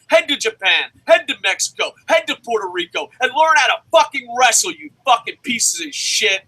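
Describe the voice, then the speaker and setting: A man co-hosting a wrestling review show, ranting loudly and cursing as he argues his point. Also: very high-pitched, animated, moderate pace, hardly any pauses, poor audio. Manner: profane, shouting, ranting. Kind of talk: heated opinion rant.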